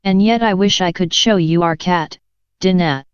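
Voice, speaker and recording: A woman's voice: lowish voice, moderate pace, smooth, dry recording, close to an everyday voice. A woman voicing a polite, chatty young girl in a storybook reading, rambling eagerly and apologizing. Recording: dull lo-fi dry recording.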